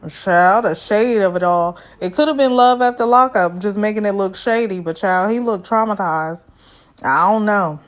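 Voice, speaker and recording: Brief: young woman, casual reality-show recap host, sassy and animated, mid pitch. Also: moderate pace. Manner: sassy, animated, lots of asides to viewers. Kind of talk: casual review commentary.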